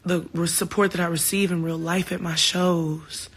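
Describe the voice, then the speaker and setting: A woman's voice: fairly low pitch, little pitch movement, normal speed, slightly rough. A woman talking casually to her fans on a phone livestream, heartfelt and open, swearing now and then. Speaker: singer hosting a livestream.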